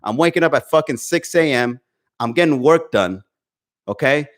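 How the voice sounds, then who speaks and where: A man's voice: fairly high pitch, lively intonation, normal speed. A man hosting a live comedy podcast, ranting profanely and greeting chat viewers by name. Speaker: podcast host. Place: home. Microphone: desk microphone.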